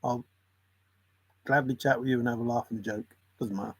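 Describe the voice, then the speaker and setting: A man's voice: medium pitch, fairly even intonation, fairly quick, husky. A man in a casual, rambling monologue, musing in a conspiratorial tone and often chuckling. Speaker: channel host.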